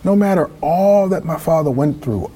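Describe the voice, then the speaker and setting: Man, middle-aged, from California, husky voice, animated storytelling, interview guest. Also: fairly high pitch, moderate pace, soft background music. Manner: animated storyteller acting out quotes. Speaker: guest author.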